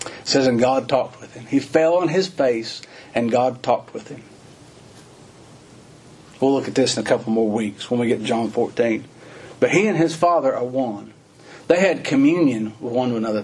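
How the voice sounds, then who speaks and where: A man preaching a sermon, reading scripture and explaining it in plain folksy talk, rising to fervent emphasis and slowing on key words. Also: a little mellow, husky. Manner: rises to high, fervent emphasis and slows on key phrases; reads scripture in old-fashioned wording, then explains in plain folksy talk.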